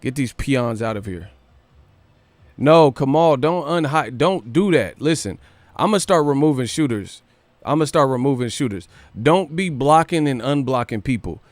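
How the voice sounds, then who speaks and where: Profane animated livestream host. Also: male voice, medium pitch, dry recording. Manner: animated, profane, rapid rhetorical questions. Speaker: boxing news livestream host. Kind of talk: casual livestream rant.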